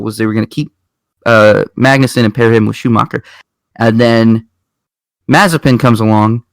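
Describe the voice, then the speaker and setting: A man co-hosting a racing podcast, rambling through stories with restarts and quick asides. His voice sits in a middle register. The sound is dry and close to the mic. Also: mid-range voice, no echo. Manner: rambling, animated storytelling with restarts. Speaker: co-host of a racing talk show. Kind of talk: casual chat.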